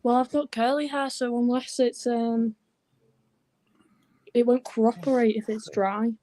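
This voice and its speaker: A woman's voice: a little high, fairly even intonation, a little slow, warm tone. Woman with a Liverpool accent. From England. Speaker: guest. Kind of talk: casual livestream chat.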